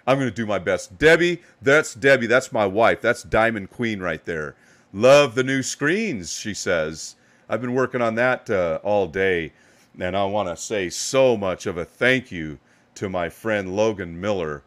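A middle-aged man hosting a live card-opening stream, giving upbeat, hyped shout-outs to chat viewers while a little tired. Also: fairly low pitch, expressive, a little slow. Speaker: live card-break host.

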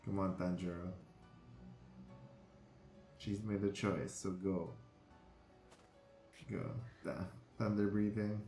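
A man giving live reaction commentary on an anime, excitable and swearing freely as he exclaims at the screen. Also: deep voice, slow, gravelly, pauses often. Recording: echoey room with faint music.

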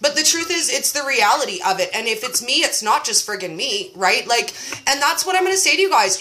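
Chatty, bright-voiced woman in her forties. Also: high voice, big pitch swings, fairly quick. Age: 40s. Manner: chatty, self-mocking storyteller, says "like" a lot. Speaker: host running a keto support group. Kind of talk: casual chat.

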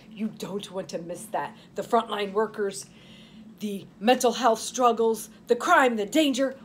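This fairly high-pitched female voice comes with a faint hiss or hum in the recording. She's a nurse and author in her fifties, dramatically narrating her novel like an audiobook and chatting podcast-style between chapters.

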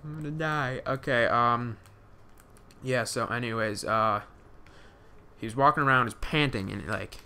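A man's voice: mid-range voice, a little slow, pushed and bright, a little hiss or hum. A young man giving live gameplay commentary, rambling with many fillers and restarts, swearing when startled. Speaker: gaming commentator.

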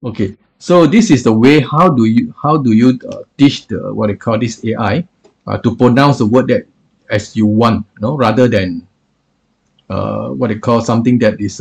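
A man reviewing software in a screen-recorded tutorial, explaining with many hesitations and filler phrases. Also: medium pitch, gravelly, husky.

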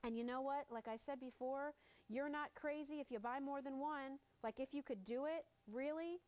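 Casting: excitable TV shopping host, woman, slightly high voice, gushing live sales pitch. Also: normal speed, slight background noise. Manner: gushing, excited selling with playful asides.

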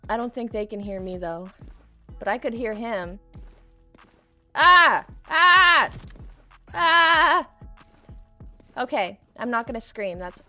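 A young woman doing casual commentary while playing a shooter game, excitable and screaming often, laughing and swearing between calmer stretches. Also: medium pitch, normal speed, soft background music. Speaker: gaming streamer.

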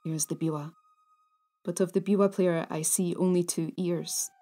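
A woman voicing a grim, deep-voiced ghostly male warrior who speaks in a gruff, low mutter. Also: fairly even intonation, measured pace, mellow, soft background music, lightly acted. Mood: grim menace.

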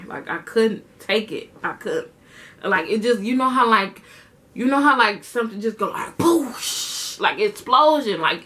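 Bright, animated young woman telling a story. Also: fairly high pitch. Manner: animated, slangy, acts out the dialogue. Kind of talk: casual storytime chat.

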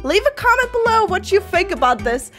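A woman hosting a gaming video, commentating excitedly with gasps and playful slang. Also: very high-pitched, a little fast. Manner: animated, gasping, joking slang. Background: background music.

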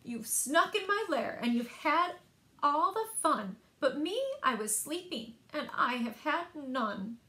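A woman voicing a big, grumpy male bear in a children's storybook, loud and complaining. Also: high voice, animated, slow, pitched above the performer's own voice, heavily acted. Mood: sulky. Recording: echoey room.

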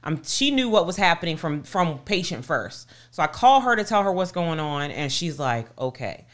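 A woman's voice: on the low side, very animated, normal speed. A middle-aged woman co-hosting a podcast, animatedly retelling a story and acting out the voices of people in it. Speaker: podcast co-host. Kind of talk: casual storytelling chat.

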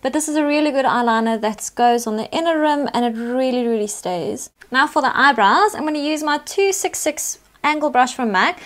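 A woman, chattily talking through a makeup tutorial step by step as the host. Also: fairly high pitch. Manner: chatty, instructive, talks through each step.

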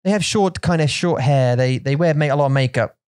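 A man's voice: on the high side, fairly quick, a little mellow, clear, resonant tone, no echo. Rambling English man, dry close sound. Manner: rambling, restarts often, mixes English and Mandarin. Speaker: podcast co-host. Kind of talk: casual bilingual chat.

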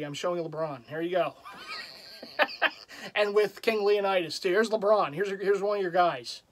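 High-voiced chatty man, chuckling often. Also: fairly bright tone. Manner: self-deprecating. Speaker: jersey collector vlogger. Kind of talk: casual show-and-tell vlog.

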